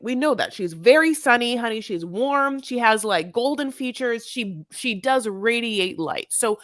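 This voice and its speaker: A woman with a fairly bright, somewhat high voice co-hosts a casual reality-TV recap podcast, recorded dry with clean studio sound. She talks sassily, swears freely, and calls people honey.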